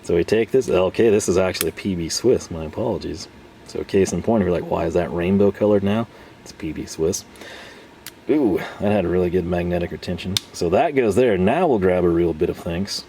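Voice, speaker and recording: A man's voice: sits low, brisk, dark tone, a little hiss or hum. A man chatting his way through a casual tool review, rambling and often laughing.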